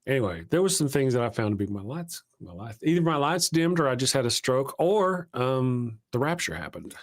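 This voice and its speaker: A man's voice: mid-range voice, very animated, a little fast, no echo. Rambling, casual man on a dry mic. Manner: rambling, self-interrupting, swears casually. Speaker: livestream host. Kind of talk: casual live-stream chat.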